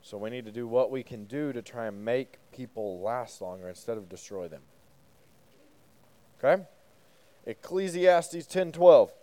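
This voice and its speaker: A youth pastor with a warm, mid-range, expressive voice talks a little slowly and pauses often. In his casual sermon he chats with the group, asks them questions, and jokes between points.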